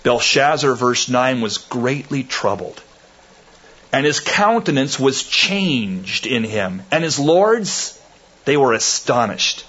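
A man preaching an expository sermon, with slow deliberate phrasing that rises to loud emphatic peaks. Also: medium pitch, sing-song, breathy edge, muffled recording.

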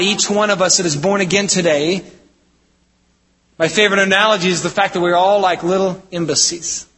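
A man preaching a sermon from the United States, in an emphatic style that swings between loud exclamations and low, intense statements. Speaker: pastor. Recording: hall reverb.

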